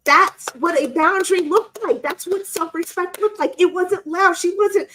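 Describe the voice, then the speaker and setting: A middle-aged woman co-hosting a casual live-stream chat, telling an animated story and acting out quotes in squeaky voices. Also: moderate pace, hardly any pauses. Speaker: co-host.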